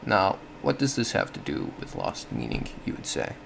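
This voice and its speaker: A man's voice: rumbling low, wildly swooping pitch, normal speed, gravelly, fairly bright tone, slight background noise. A man giving a casual explanatory monologue, thinking aloud with frequent self-corrections and small laughs. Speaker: solo podcast host.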